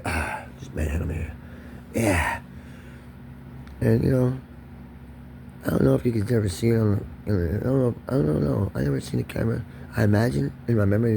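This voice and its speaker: A man's voice: mid-range voice, gravelly, a little mellow, slight background noise. Profane ranting man. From Kentucky. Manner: erratic, profane, confrontational, repeats himself. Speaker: vlogger. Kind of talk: solo profane rant to camera.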